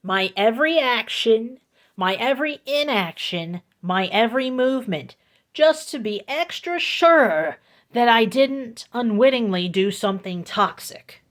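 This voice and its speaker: A woman telling a storytime vlog into her phone, slow, deliberate and emphatic, repeating her points for weight. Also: fairly high pitch, expressive. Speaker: vlogger.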